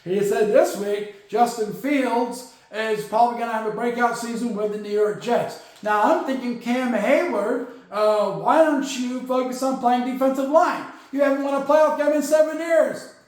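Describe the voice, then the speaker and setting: Sarcastic high-voiced man in echoey room. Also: normal speed, hardly any pauses. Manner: sarcastic, rambling, lots of fillers. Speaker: football podcast host. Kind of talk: casual sports news commentary.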